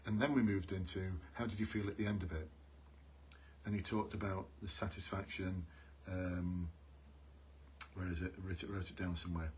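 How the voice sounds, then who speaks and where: On a live stream, a man coaches police job applicants in a low, steady voice at a moderate pace, with a faint hiss or hum behind him. He is earnest, goes over key points repeatedly, and calls out to his viewers.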